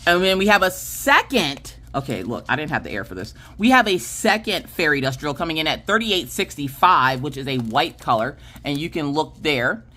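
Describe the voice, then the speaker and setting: A chatty woman with a low voice talks through a craft unboxing. She gets excited, then catches and corrects her own slips. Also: normal speed, hardly any pauses. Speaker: craft video host. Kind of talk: casual unboxing chat.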